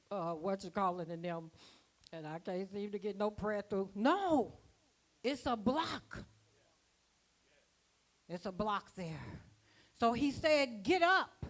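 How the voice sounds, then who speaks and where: A woman's voice: medium pitch, a bit bright. A woman preaching a sermon at a church conference, folksy and rhythmic, with plain dialect grammar. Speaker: apostle preaching.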